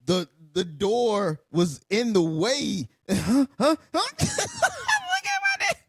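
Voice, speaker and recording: A man hosting a film reaction video, talking over the scenes, swearing freely and bursting into loud laughter. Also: very high-pitched, wildly swooping pitch, takes it slowly, breathy edge, dry recording, clean studio sound. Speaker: channel host.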